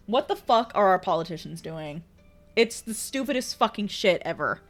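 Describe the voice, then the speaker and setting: Woman streamer, casual chat, pitch swinging high and low, exclamatory and sweary, faint music playing behind. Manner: animated and exclamatory, swears freely, laughs often. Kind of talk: casual chat reading out viewer messages.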